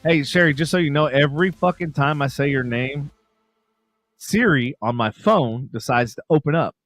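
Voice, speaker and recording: A man's voice: on the high side, normal speed, a bit bright, dry recording, soft background music. A man co-hosting a podcast, teasing and swearing in casual banter. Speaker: podcast co-host. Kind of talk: casual late-night chat.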